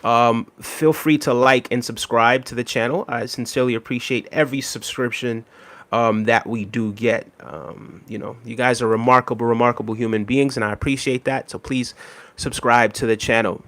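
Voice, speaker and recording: A young adult man streaming live, reading viewer chat with an easygoing manner, many ums and friendly shout-outs. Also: mid-range voice, steady tone, normal speed.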